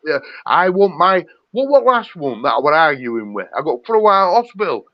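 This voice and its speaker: Man, regular on a chat stream, high and wildly swinging voice, sweary and fired up; dull lo-fi audio. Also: sing-song, moderate pace, no echo. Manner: profane, ranting, fired up. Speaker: regular guest on a live chat show. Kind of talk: heated casual rant.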